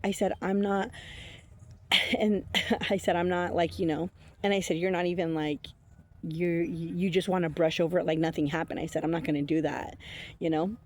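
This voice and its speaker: A woman's voice: lowish voice, flat delivery, moderate pace, darkish tone, no echo. Blunt, swearing woman telling a story. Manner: blunt, profane, laughs often; rambling with many fillers and restarts. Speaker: intuitive reader. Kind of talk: casual storytime vlog.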